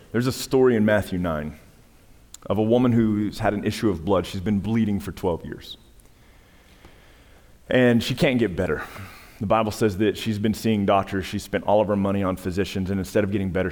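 A man's voice: fairly low pitch, normal speed, long pauses. Man preaching in a reverberant hall. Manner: preaching with rising emphatic peaks and hushed storytelling. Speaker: pastor. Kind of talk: sermon. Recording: long reverb of a large hall.

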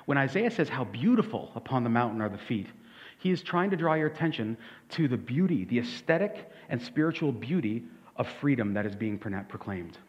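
A man's voice: mid-range voice, sing-song, a little fast, a little mellow. A man preaching a sermon as pastor, emphatic and conversational, asking his congregation rhetorical questions. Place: church sanctuary. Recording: dull audio with long hall reverb.

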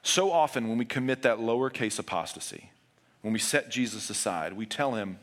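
A man preaching a sermon as pastor, earnest, moving between raised urgent passages and hushed, low emphasis. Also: lively intonation, a little fast.

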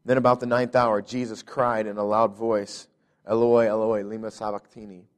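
A man's voice: lowish voice, level tone, moderate pace. A man preaching a sermon as a pastor, reading scripture aloud and explaining it in an earnest manner, often repeating words as he builds toward emphasis. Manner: earnest, repeats words when stressing, rises in intensity.

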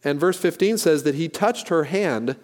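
Pastor preaching in a reverberant hall. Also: male voice, on the high side, animated, normal speed, darkish tone. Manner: folksy, joking storytelling with frequent restarts. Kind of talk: sermon.

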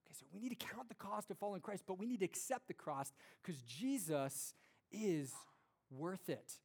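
A young man giving an earnest, conversational sermon to a congregation, with lively storytelling and rhetorical questions. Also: sits high, moderate pace, slightly rough. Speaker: pastor.

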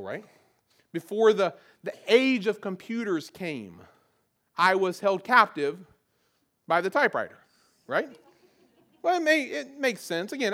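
A man's voice: high-pitched, a bit bright. A middle-aged man with a Southern American accent, preaching a conversational sermon and often repeating words as he restarts a phrase. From Southern United States. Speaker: pastor.

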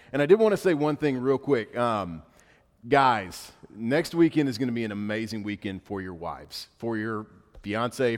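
A male pastor gives a casual, joking sermon and tells stories in a relaxed, chatty way. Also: mid-range voice, long reverb tail. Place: church sanctuary.

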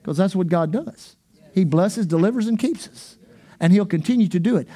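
A male pastor preaching a fervent sermon, driving points home with repetition and bursts of shouting. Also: high-pitched, animated, normal speed.

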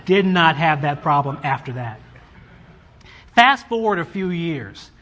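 A man in his forties, a father casually telling a story about raising his sons, animated and acting out his kids' voices. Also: on the high side, a little slow, highs cut off, a little hiss or hum. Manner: animated, acts out his children's voices in quotes.

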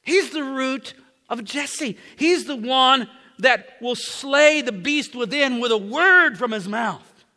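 A preacher acting out an urgent apostle calling out to a jailer, his voice raised high and pleading. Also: animated, slow, sharp tone, long reverb tail, heavily acted. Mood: earnest. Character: the apostle Paul, urgent older man.

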